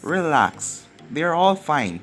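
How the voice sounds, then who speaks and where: A man's voice: fairly high pitch, very animated, slow pace, fairly bright tone, heavily acted. A man voicing a mischievous young woman ninja with a smug, cheeky manner, over faint music.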